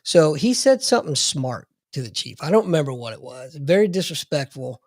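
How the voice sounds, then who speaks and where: A man's voice: fairly high pitch, very animated, a little fast, no room sound, studio quality. A man co-hosting a podcast, a military veteran telling a war story bluntly, cursing and laughing. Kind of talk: casual storytelling chat.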